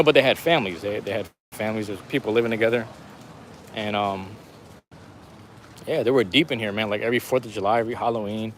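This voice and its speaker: A man talks into his phone while he walks a rainy city street on a live stream, drifting easily from thought to thought in relaxed slang. His voice sits at an ordinary pitch and sounds slightly worn. Faint street and traffic noise runs underneath. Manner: laid-back, rambling street talk with slang. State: losing his voice. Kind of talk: casual walking live stream. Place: outdoors on a city street in the rain.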